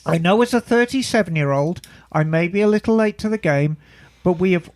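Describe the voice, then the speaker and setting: A man's voice: sits high, brisk, a little mellow, dry recording, clean studio sound. A man co-hosting a podcast, reading a listener's email aloud in a casual, playful way with joking asides. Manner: playful, breaks into mock British asides while reading. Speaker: podcast co-host.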